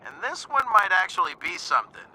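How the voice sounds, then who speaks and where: Ranger dispatcher, game character, slightly high, sharp bright tone, brisk radio talk. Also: male voice, big pitch swings, heavily acted, rough recording. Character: matter-of-fact male ranger radio dispatcher. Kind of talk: video game voice acting.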